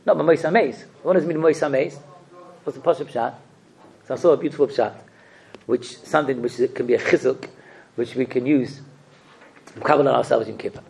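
A man giving a religious sermon, asking rhetorical questions and telling stories with expressive delivery. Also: medium pitch, gravelly. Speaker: rabbi giving a talk.

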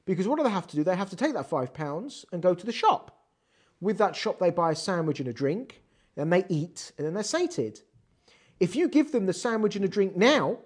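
A Torah teacher giving a text study lesson, animated and full of rhetorical questions, reading out Hebrew terms. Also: medium pitch.

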